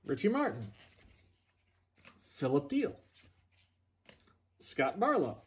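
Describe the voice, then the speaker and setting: A man's voice: a little high, wildly swooping pitch. A man reading out player names during a card box break, with playful asides. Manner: slow, singsong name-calling with playful asides.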